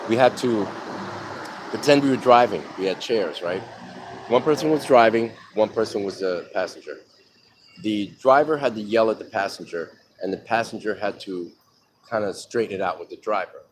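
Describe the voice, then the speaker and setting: Low-voiced man rambling candidly over street traffic. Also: moderate pace, low-quality recording. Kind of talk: live personal storytelling.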